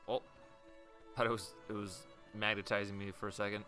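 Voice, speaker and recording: A man's voice: lowish voice, flat delivery, pushed and bright, faint music behind. Playful young man streaming a game. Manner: playful, jokey, quick asides. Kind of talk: live game commentary.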